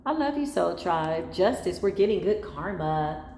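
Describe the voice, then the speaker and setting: A tarot reader with a mixed Spanglish accent gives a spiritual reading straight to her viewers, emphatic and full of slang. Her voice is fairly low, expressive, unhurried and darkish, recorded in an echoey room with faint ambience and a little hiss or hum.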